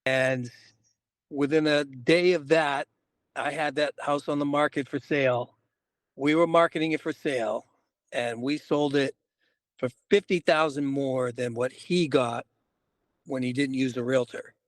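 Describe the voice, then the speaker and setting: A man's voice: mid-range voice, fairly even intonation, a little slow, no room sound, clean studio sound. A man co-hosting a podcast, a realtor telling a story in casual chat and acting out both sides of the conversation.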